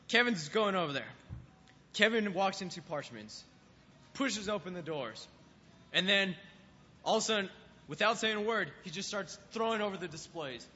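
Man preacher, casual sermon with questions to the crowd, bright tone, muffled hall recording with long reverb. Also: high-pitched, slightly rough. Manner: conversational, repeats words while thinking, asks the audience questions. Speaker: youth pastor.

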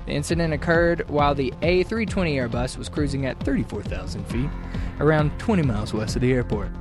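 A man's voice: mid-range voice, lively intonation, music in the background. A man hosting a casual comedy news show, reading stories and joking along. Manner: playful, quick to laugh, reading stories aloud.

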